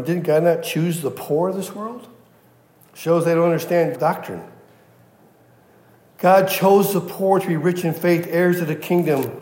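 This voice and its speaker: A man's voice: fairly high pitch, darkish tone, echoey room. A man preaching a sermon as pastor, emphatic and repeating his key phrases for weight. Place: church.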